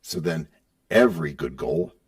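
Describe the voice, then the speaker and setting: A man's voice: very deep voice, measured pace, gravelly, slightly rough, recorded from a distance. A man hosting a podcast, bantering in a playful, teasing way. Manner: playful, teasing, lively delivery. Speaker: podcast host.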